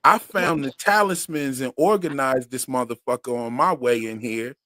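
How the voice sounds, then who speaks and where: A man's voice: medium pitch, normal speed, bright, forceful tone, no room sound, studio quality. A man co-hosting a live stream, chatting casually about a TV episode, laughing often and swearing freely. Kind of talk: casual chat reviewing a TV episode.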